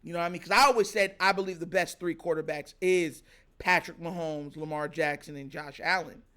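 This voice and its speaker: A man hosting a sports talk show, giving animated casual reaction commentary and laughing often. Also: on the high side, fairly quick, clear, resonant tone. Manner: animated, excitable, laughs often, mimics players.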